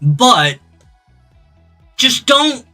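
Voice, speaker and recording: A man in his thirties talks off the cuff with a high, sharp-edged voice, blunt and swearing freely as he rambles. He sits a little back from the mic, with soft music playing behind him. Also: sing-song, drawn-out words, recorded from a distance. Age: 30s. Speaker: gaming streamer. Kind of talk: casual off-the-cuff chat. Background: faint music.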